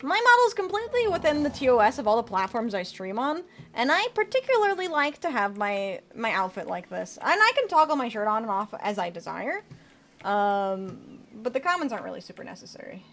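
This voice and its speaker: A woman streaming as a VTuber speaks briskly in a sing-song voice that is on the high side and fairly bright, with slight background noise. Between casual remarks on her game, she reads and responds to chat and occasionally swears.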